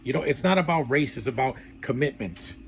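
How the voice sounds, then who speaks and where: Dude rambling his movie review, gravelly voice, blunt takes, tons of uh and you know. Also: medium pitch, expressive, fairly quick, soft background music. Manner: rambling and blunt, many fillers and restarts. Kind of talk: casual spoken film review.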